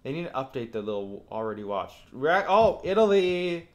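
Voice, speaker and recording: A man streaming a game, reacting live and rating each landing out loud with quick, excitable commentary. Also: medium pitch.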